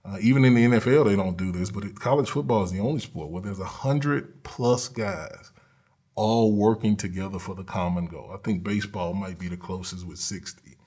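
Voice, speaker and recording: Coach guy, low voice, kinda husky, plain earnest talk w lots of ums. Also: brisk, darkish tone. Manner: earnest, plain-spoken, with frequent um and uh. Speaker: college football coach. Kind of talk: conversational interview.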